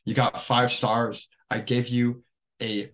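A man's voice: mid-range voice, little pitch movement, slow, lo-fi sound. A young adult man, a podcast guest, telling stories in a rambling casual way, full of fillers. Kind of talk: casual storytelling.

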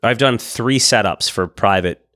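Low-voiced man chatting casually. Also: unhurried, no echo, clean studio sound. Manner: relaxed, rambling with restarts and frank asides. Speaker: podcast co-host. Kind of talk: casual chat.

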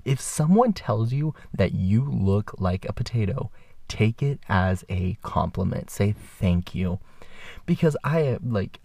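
A man's voice: mid-range voice, dark tone, no echo. A young man in his twenties hosting a podcast, telling a story casually in a chatty way and laughing often mid-sentence. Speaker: podcast host.

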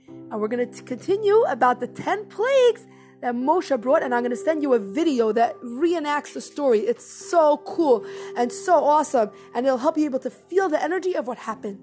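A woman storyteller retelling a religious story in an animated, expressive way, with emphatic repetition. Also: high voice, normal speed, soft background music.

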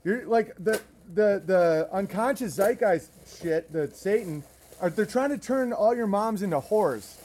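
Loud, high-voiced ranting man. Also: expressive, unhurried, a little hiss or hum. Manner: loud, profane, emphatic ranting. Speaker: host. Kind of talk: ranting livestream talk. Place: outdoors in his garden.

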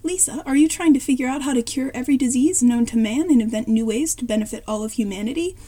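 A woman's voice: sits high, quick pace, warm tone. A woman voicing a friendly teenage boy who is new in town, polite and easily impressed, in a story reading.

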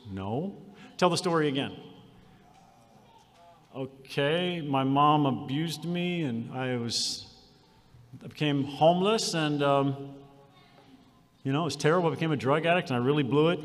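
A man preaching a sermon, moving from quiet storytelling to shouted declarations. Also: on the high side, big-room sound. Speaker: pastor. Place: conference hall.

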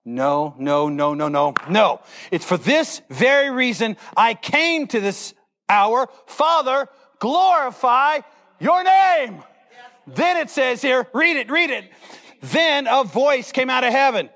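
A man's voice: extremely high pitch, animated, unhurried, a bit bright. A middle-aged male pastor telling a Bible story in a sermon, acting out the characters' lines with animation.

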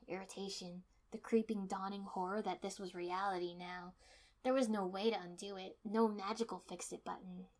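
A woman reading a first-person fiction story aloud in steady storytelling, dipping to soft menace. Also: medium pitch. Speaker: narrator.

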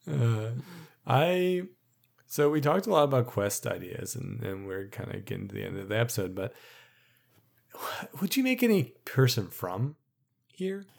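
Gravelly man, hesitant podcast co-host. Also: mid-range voice, big pitch swings, a little slow, darkish tone. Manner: hesitant, filler-heavy, agreeable. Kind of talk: casual chat about tabletop game lore.

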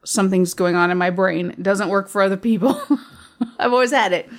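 A woman's voice: medium pitch, brisk. A woman in her fifties, a blunt, straight-talking podcast co-host who chats casually and laughs often. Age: 50s. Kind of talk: casual chat.

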